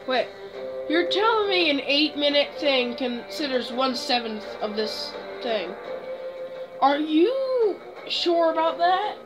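A woman's voice: sits high, very animated, slow, music in the background, low-quality recording. A young woman giving casual, chatty commentary while playing a story game. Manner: chatty and exclamatory. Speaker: gaming video host.

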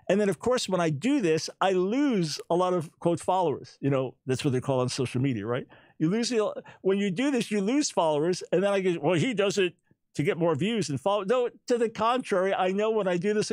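In a dry recording, a man with a high-sitting voice hosts a talk show, pressing his points in an emphatic, disbelieving monologue full of repeated words. He speaks with a smile and doesn't take any of it personally.

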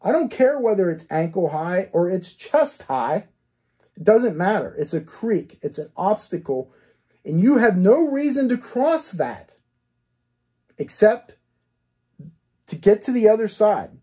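A man's voice: high voice, big pitch swings, measured pace, pauses often, dark tone, slightly rough. A man, a cold case detective, talking through a case step by step, asking himself rhetorical questions and checking in with "okay?". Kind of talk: case analysis commentary.

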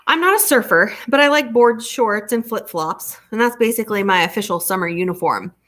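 A woman's voice: mid-range voice, animated, a little fast, fairly bright tone. A woman reading a novel aloud, narrating in a casual, conversational first-person way. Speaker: audiobook reader.

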